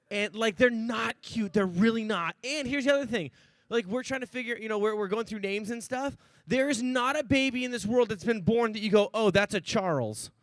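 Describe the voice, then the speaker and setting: High-voiced joking young pastor. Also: male voice, no room sound. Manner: joking, chatty, many "like"s and "right?". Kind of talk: casual sermon.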